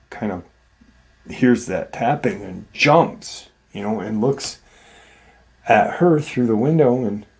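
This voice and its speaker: A man's voice: lowish voice, a little mellow. A man hosting a show, retelling a story in a casual, rambling way full of "you know" fillers. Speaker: host.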